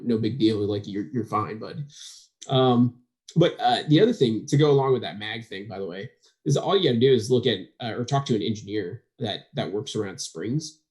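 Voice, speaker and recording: A man talking as a podcast guest in casual chat, acting out what others said with lively shifts in voice. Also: on the low side. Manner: animated, acts out quoted dialogue. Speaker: guest, firearms trainer.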